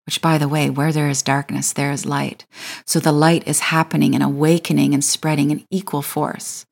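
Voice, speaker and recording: A woman's voice: deep voice, little pitch movement, moderate pace, vocal fry. A woman hosting a spiritual podcast, talking in an earnest, playful way and drawing out key words. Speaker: podcast host. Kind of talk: reflective spiritual podcast talk.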